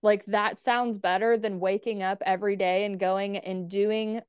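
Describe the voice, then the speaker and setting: A woman speaks with a smooth, clear voice that sits at an ordinary middle pitch. She tells her own story candidly, swears bluntly and scatters "like" throughout. The sound is close and dry, with no room around it. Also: level tone, measured pace, darkish tone, no room sound, lo-fi sound. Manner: frank, swears freely, many "like" fillers. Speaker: podcast guest.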